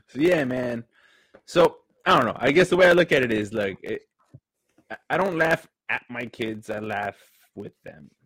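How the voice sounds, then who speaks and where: A young man co-hosting a podcast, chatting casually in English and Spanish and acting out falls with sudden shouts. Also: mid-range voice, a little slow, pauses often, breathy edge, dry recording. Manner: animated, switches between English and Spanish, acts out falls with shouts. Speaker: podcast co-host. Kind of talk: casual chat.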